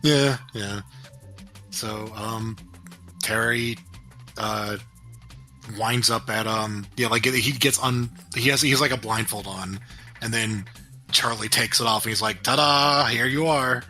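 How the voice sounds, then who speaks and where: Male podcast co-host, bright tense tone, rambling casual recap. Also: on the low side, fairly even intonation, takes it slowly, pauses often, faint music behind. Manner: rambling, full of fillers and quoted voices. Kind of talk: casual chat recapping a cartoon.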